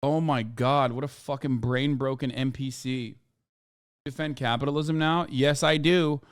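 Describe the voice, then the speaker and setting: A man's voice: medium pitch, steady tone, unhurried. A man, giving profane, sarcastic live-stream commentary while reacting to a video. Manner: profane, sarcastic, swings loud when mocking.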